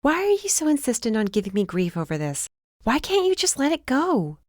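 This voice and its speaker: A woman's voice: high-pitched, huge pitch swings, fairly quick, a little mellow, no room sound, clean studio sound, voice pushed up, exaggerated voice. A woman doing a prickly, defensive younger sister.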